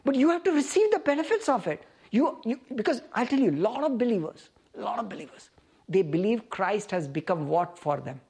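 Animated woman preaching a sermon. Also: fairly high pitch, a little fast, husky. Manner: animated, questions the congregation.

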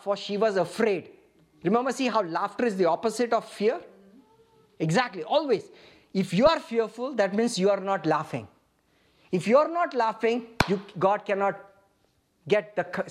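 A man preaching a sermon, reading scripture and questioning his listeners with emphatic, rising delivery. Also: very high voice. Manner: emphatic, rising to shouts, asks the audience questions.

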